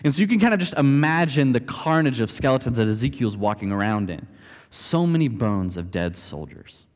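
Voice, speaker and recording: A man preaching a sermon in a conversational, animated storytelling way, speaking to a church gathering. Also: mid-range voice, fairly quick. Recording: long hall reverb.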